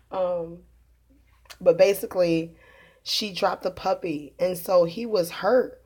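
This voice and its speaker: A woman who talks in a rambling, earnest way, laughing often and filling pauses, as she tells viewers of her religious video channel about her day. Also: fairly low pitch, a little mellow, husky. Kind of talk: casual spoken testimony to camera.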